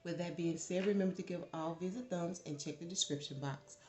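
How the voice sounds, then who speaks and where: A woman's voice: on the low side, fairly quick. Chatty tarot-reading woman, echoey room. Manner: chatty, animated, swears when worked up. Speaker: tarot reader.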